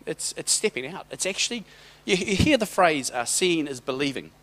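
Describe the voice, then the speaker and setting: A man's voice: a little high, big pitch swings, normal speed, fairly bright tone. A middle-aged man giving a sermon as a personal story, conversational and rambling, with hesitant restarts. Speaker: church speaker.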